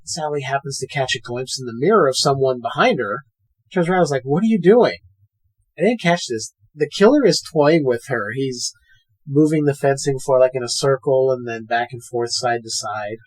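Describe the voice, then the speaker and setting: A man co-hosting a podcast in a casual chat, recapping a film in an animated way, acting out the characters' lines and swearing freely. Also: mid-range voice, normal speed. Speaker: podcast co-host.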